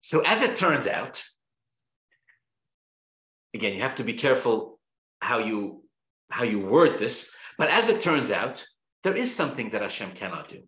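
A man, a rabbi teaching a Torah class, speaking in an animated, emphatic way with rhetorical questions and frequent restarts. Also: mid-range voice, normal speed, pauses often. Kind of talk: lecture-style Torah class. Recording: roomy echo.

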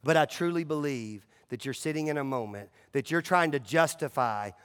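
A pastor with a high-pitched voice preaches to his church, casual and conversational, dropping into near-hushed lows and then surging back loud and emphatic. His voice rings out with a long reverb tail, as in a big sanctuary. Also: normal speed, smooth. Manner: swings between loud emphatic runs and hushed low drops. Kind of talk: sermon.

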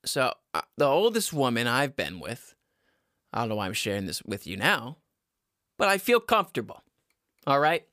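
Young guy in his 20s rambling crude dating advice at home, bright tense voice, dry close sound, keeps laughing at himself. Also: mid-range voice, big pitch swings, normal speed, long pauses, no room sound. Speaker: vlogger giving dating advice. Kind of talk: casual rambling monologue to camera.

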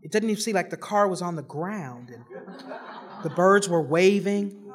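A woman's voice: on the low side, animated, normal speed. A woman telling a humorous personal story, rambling with lots of fillers and restarts, poking fun at herself. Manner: rambling, many fillers and restarts, self-mocking. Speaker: storyteller giving a personal testimony.

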